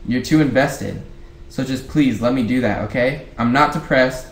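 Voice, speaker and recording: A man's voice: medium pitch, normal speed. A man reading a novel aloud at home for a book club, casual, now and then rereading a line or stopping to chat. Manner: rereads lines, breaks off to chat. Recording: roomy echo, faint background hiss.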